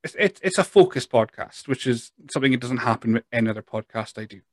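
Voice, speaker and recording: A man's voice: medium pitch, expressive, quick pace, no room sound. Rambling male podcast host, dry mic. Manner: rambling, self-deprecating, frequent restarts. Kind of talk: casual chat.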